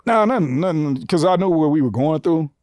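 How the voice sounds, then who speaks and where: A man tells wild, profane stories from his youth, slipping into the voices of the people in them. His voice sits a little high, and the studio sound is dry and close. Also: lively intonation, brisk, a little mellow, no room sound. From Detroit. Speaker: comedian guest. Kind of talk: storytelling on a podcast.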